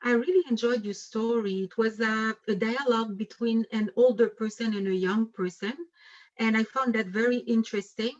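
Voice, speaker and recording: A woman's voice: fairly high pitch, steady tone, normal speed, highs cut off. A woman giving a speech evaluation over a video call, speaking hesitantly with frequent fillers. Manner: hesitant, with many fillers and restarts. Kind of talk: online club speech evaluation.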